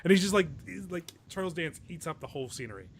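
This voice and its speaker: A man's voice: high voice, animated, quick pace, a little hiss or hum. A man co-hosting a podcast in casual chat, talking eagerly and laughing as he retells scenes. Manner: enthusiastic, laughs while retelling movie scenes. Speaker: podcast co-host.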